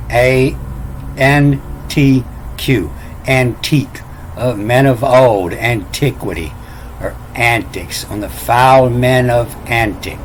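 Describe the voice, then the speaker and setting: A self-taught lecturer with an ordinary male pitch explains something slowly and without a script. He often stalls and repeats himself before spelling out letters one at a time. A faint hum sits beneath his voice.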